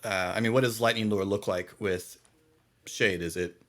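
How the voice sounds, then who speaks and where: A man narrating a tabletop game as game master, halting and full of fillers as he describes the scene. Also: on the low side, steady tone, a bit bright.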